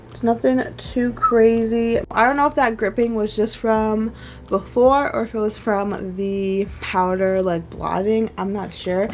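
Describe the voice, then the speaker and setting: Young woman beauty vlogger, mid-pitched, loose and chatty, faint hiss behind. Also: creaky. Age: 20s. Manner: chatty and rambling, many "like"s and soft laughs. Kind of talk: casual makeup wear-test chat.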